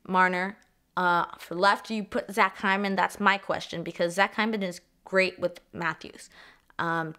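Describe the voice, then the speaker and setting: With a fairly low pitch, a young woman from Canada gushes about sports in a casual vlog. Profanity comes easily to her, and she tends to repeat herself and fade out partway through ideas.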